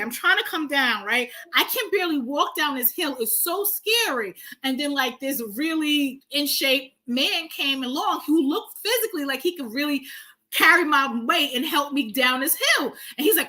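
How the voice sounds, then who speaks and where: A woman's voice: high voice, fairly quick. A woman from New York with a New York accent, a guest author chatting and telling stories animatedly, acting out what people said. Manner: animated storyteller, acts out quotes. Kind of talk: casual conversation.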